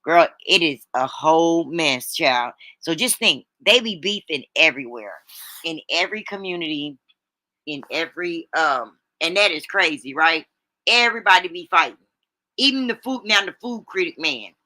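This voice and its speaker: A woman hosts a casual motivational live stream in a bright, forward voice. Her talk is chatty and folksy, and she often turns back to her listeners to check in. The sound is dry and close, with no room echo. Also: low-pitched, lively intonation, normal speed. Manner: chatty, folksy, keeps checking in with "right?" and "y'all". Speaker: livestream host. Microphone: streaming setup microphone.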